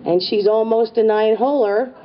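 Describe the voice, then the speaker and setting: A woman's voice: fairly high pitch, fairly even intonation, moderate pace. A middle-aged woman telling a stand-up comedy story in a wry, conspiratorial way, full of asides. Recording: distant, dull live stage recording with audience and noise. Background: audience laughter.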